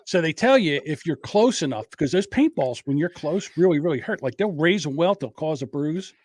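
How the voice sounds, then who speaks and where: A man's voice: fairly high pitch, lively intonation, fairly quick, a little mellow, no room sound. A man co-hosting a podcast who chats casually and tells boastful, joking stories. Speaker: podcast co-host. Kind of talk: casual chat.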